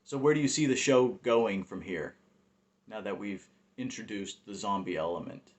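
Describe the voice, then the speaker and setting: A man hosting and directing a podcast, interviewing a guest casually with halting, filler-laden questions. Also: on the low side.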